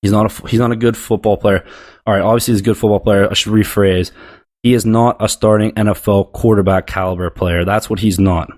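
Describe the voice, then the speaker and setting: A man's voice: fairly low pitch, steady tone, a little fast, darkish tone. A man hosting a sports show, delivering a blunt, profane, heated rant about football. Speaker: sports podcast host.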